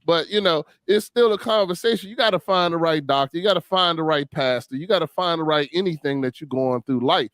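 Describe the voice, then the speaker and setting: Man, forties, lively storyteller, higher voice, dry close sound. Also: fairly quick, hardly any pauses, dry recording. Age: 40s. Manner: animated storytelling, acting out quotes. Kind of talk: casual chat.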